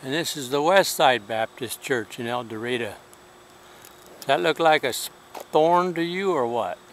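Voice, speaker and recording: A man's voice: mid-range voice, expressive, moderate pace, fairly bright tone, a little hiss or hum. A man traveling on horseback, talking outdoors in a rambling, hesitant, wry way for his travel diary. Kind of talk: casual spoken travel diary.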